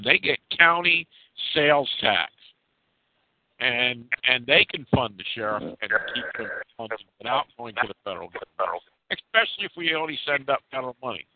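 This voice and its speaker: A man's voice: medium pitch, animated, a little fast, no echo. A man from New York State calling into a conference call, telling a long rambling story with many restarts. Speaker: caller. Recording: tinny phone line, dry.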